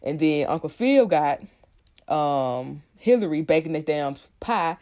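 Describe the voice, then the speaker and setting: A woman's voice: deep voice, lively intonation, measured pace, dark tone. A woman vlogger giving a casual, profanity-laced recap of a TV episode, talking animatedly with lots of fillers.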